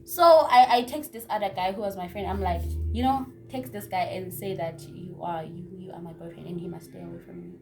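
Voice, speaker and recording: A young woman telling a casual story-time tale, chatty and repetitive, with hushed asides. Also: lowish voice, a little fast, hardly any pauses. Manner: chatty, repeats words, drops into hushed asides. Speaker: vlogger.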